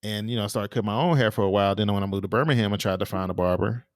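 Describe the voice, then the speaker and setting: In a clean studio with no room sound, a man co-hosting a podcast talks very fast in a lowish voice with fairly even intonation. His casual chat drifts through rambling stories, heavy on fillers and restarts.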